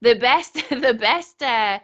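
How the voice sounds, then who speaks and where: Bright-voiced Scottish woman, chatty. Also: a little high, lively intonation, slow pace, highs cut off. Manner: earnest, chatty, laughs often, lots of "like". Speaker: conference speaker. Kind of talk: casual panel discussion.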